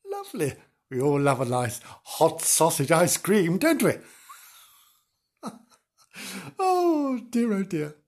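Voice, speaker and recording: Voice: medium pitch, wildly swooping pitch, takes it slowly, long pauses, a little mellow. A storyteller reading a comic storybook aloud, giggling and breaking off to joke about the story.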